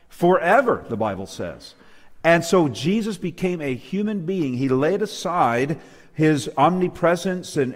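Man, preacher, emphatic delivery, slightly raised pitch, long hall reverb. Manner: emphatic, asks the audience for amens. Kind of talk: sermon-style Bible lesson. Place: church hall with local and online audience.

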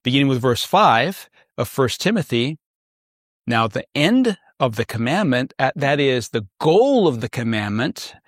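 A man's voice: medium pitch, sing-song, measured pace, dry recording, studio quality. A male pastor teaching a Bible study, earnest and emphatic, asking rhetorical questions.

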